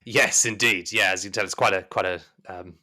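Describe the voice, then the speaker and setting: A man's voice: low voice, fairly even intonation, fairly quick, bright, forceful tone. A man voicing an older male house servant who speaks courteously and hesitantly.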